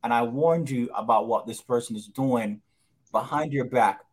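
A co-host on a casual podcast chat speaks in a measured way with a mid-range voice, using plenty of fillers and "okay"s.

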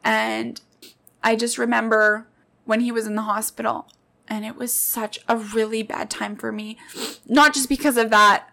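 A woman in her late twenties hosts her own podcast, speaking in a fairly high voice. She shares personal stories in an earnest, heartfelt monologue and addresses her listeners directly. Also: animated, normal speed, sharp tone. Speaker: podcast host.

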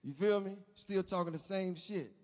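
Man with a high-pitched voice, insistent street-slang talker who keeps repeating his point, sound echoing in a hall. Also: normal speed, a crowd in the background. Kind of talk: comedic street-talk sketch. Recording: echoey hall reverb.

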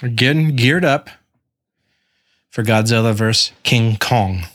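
A man's voice: mid-range voice, unhurried, fairly bright tone, no room sound, clean studio sound. A man co-hosting a podcast in jokey, casual chat. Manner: jokey, giggly. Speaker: podcast co-host.

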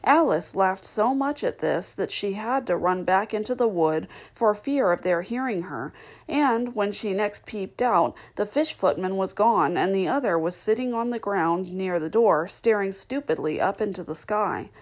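A woman narrating a classic children's story in a measured, clear storytelling manner, with the odd slip. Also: mid-range voice, animated, poor audio. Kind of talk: audiobook reading of a classic novel.

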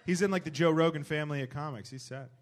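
Higher-voiced guy hosting a live podcast in a comedy club, teasing his co-host a lot. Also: fast talker. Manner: loud hype-man introductions, teasing banter.

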